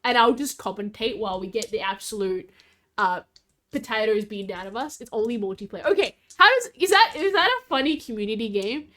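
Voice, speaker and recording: A woman's voice: a little high, animated, brisk, a bit bright. A woman streamer, chatting casually and bubbly with her chat. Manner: bubbly, giggly, talks to chat.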